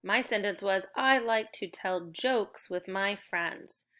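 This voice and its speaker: Woman teacher doing a slow clear phonics lesson for little kids, bright crisp voice, computer mic. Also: medium pitch. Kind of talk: recorded phonics lesson for young children.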